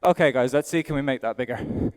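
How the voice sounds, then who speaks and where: A man's voice: medium pitch, quick pace, clear, resonant tone. A middle-aged man with an Irish accent gives live demonstration commentary as an event rider, chatting aloud in a self-deprecating way while he rides. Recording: long hall reverb from an arena.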